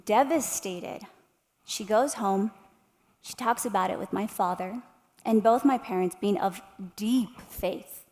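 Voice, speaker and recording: A woman's voice: mid-range voice, measured pace, mellow. A woman in her thirties giving a motivational keynote speech, telling stories with animation and speaking directly to the audience with tag questions. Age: 30s. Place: large hall at an arts center. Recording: long hall reverb.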